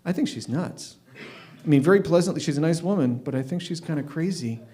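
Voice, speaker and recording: A man in his fifties telling a story at an open mic, wry and deadpan, often restarting his sentences. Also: fairly high pitch, a little fast. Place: stage at an open mic night.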